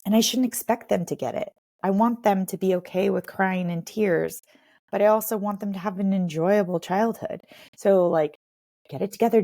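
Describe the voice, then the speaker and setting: A woman's voice: medium pitch, a little mellow, no echo, clean studio sound. A woman in her thirties, a podcast guest, talking openly and reflectively with many "like" fillers. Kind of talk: candid personal conversation.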